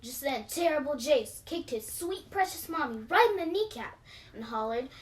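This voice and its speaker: A woman's voice: sits high, expressive, normal speed, distant mic, rough recording. A woman reading her own children's story aloud in a playful, dramatic way.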